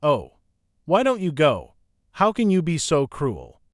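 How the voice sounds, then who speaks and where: A man's voice: fairly high pitch, huge pitch swings, slow, no echo, studio quality, exaggerated voice. A male audiobook narrator voicing a terrified young woman who pleads in fear. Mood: pleading. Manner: pleading, fearful. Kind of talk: audiobook character reading.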